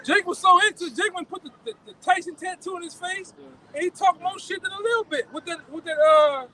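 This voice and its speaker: Dude w a very high voice reads bible verses slow then talks loose, outside. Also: male voice, bright, forceful tone, rough recording. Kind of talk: reading scripture and casual discussion.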